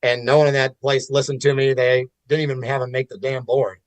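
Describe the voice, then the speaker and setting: A man's voice: mid-range voice, little pitch movement, a little fast, no echo, rough recording. A man in casual podcast conversation, talking candidly with restarts and swearing. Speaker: podcast guest. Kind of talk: casual chat.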